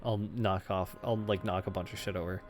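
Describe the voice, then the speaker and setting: A man's voice: low-pitched, flat delivery, normal speed, faint music behind. A man streaming a game, making casual, joking asides.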